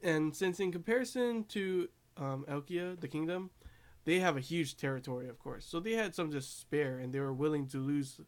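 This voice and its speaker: A man's voice: on the high side, moderate pace. A man giving a casual, rambling recap of an anime episode, laughing often along the way. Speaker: anime reviewer.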